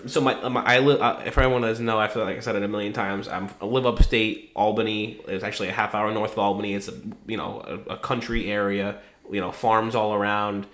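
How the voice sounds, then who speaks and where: A man's voice: on the low side, steady tone, a little fast, fairly bright tone, slight background noise. A young man co-hosting a podcast, telling rambling stories in casual chat, swearing often and laughing as he goes. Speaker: podcast co-host. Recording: roomy echo.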